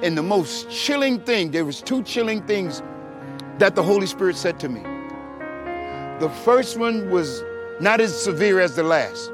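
A middle-aged man giving a personal testimony in church, telling his story in an animated way and acting out the voices with big swings in pitch and loudness. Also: unhurried, music in the background. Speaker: testimony speaker.

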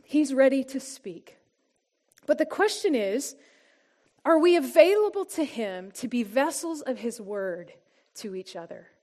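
A woman sharing a heartfelt personal testimony and teaching at a church gathering, her earnest voice often dropping soft and quiet for emphasis. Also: high voice, big pitch swings, a little slow. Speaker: church small-group speaker.

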